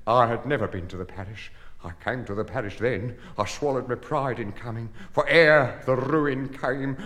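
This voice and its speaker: A man giving a theatrical poetry recitation, swinging between hushed grief and angry outbursts. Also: mid-range voice, in a large hall.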